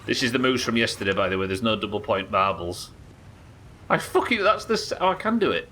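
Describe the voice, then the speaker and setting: A man commentating his own live game stream, excitable, swearing and talking to his chat. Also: lowish voice, brisk, a little hiss or hum.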